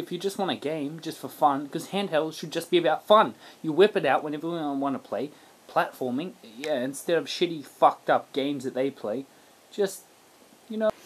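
A man's voice: mid-range voice, slight background noise. An Australian man delivering a crude, mumbling rant in a comedy video. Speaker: comedy vlogger. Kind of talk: mock persuasive rant.

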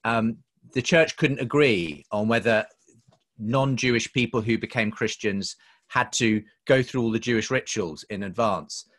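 A man's voice: lowish voice, a little slow, fairly bright tone. A man chatting casually as a church leader, thinking aloud with small restarts. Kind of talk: casual chat. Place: church service.

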